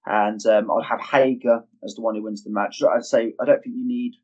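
A man chats on a podcast, pressing his opinions with emphasis. His voice is husky and the recording sounds dull and lo-fi. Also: lowish voice, steady tone, brisk, darkish tone. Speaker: podcast co-host. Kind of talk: casual podcast chat. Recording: dull lo-fi audio.

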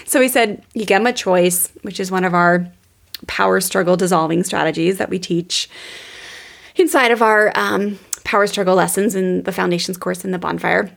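A woman's voice: medium pitch, fairly quick, gravelly. A woman teaching parenting on a podcast, chatty and storytelling, often calling her listeners "guys". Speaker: parenting educator.

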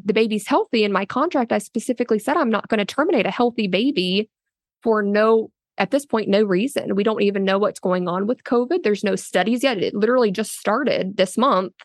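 A woman's voice: medium pitch, a little fast, dry recording, clean studio sound. A woman telling her own story in an interview, earnest and loose, with many fillers and restarts, often quoting others in a raised voice. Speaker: interviewee, a surrogate. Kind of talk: casual spoken interview.

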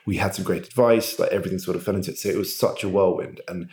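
Deep-voiced man, roomy sound. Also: fast, a little mellow. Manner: open, reflective, self-described pragmatic. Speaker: podcast guest. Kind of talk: candid personal storytelling. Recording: roomy echo.

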